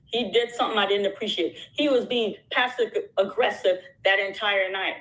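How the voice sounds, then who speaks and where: A woman's voice: mid-range voice, moderate pace, a bit bright, poor audio. A woman talking in an impassioned, casual way, emphatic and rambling, repeating phrases and restarting her sentences. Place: out at dinner with supporters.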